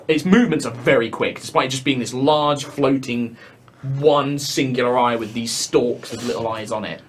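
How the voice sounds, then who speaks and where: A man narrating as game master in a tabletop game, describing scenes in an animated way. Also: mid-range voice, moderate pace, a little hiss or hum.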